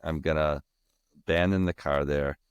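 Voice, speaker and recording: Casting: low-voiced man, guest on a podcast, candid and emphatic storytelling, dry close sound. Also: steady tone, normal speed, clean tone, no room sound. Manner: emphatic and raw, swearing, restarting sentences. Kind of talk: candid personal storytelling in interview.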